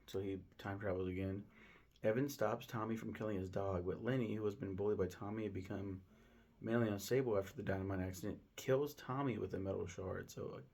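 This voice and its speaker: A man's voice: fairly low pitch, gravelly, a little mellow, husky. A man recapping a film in a casual, rambling way, full of ums, restarts and swearing. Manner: rambling, lots of ums and profanity. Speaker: film reviewer.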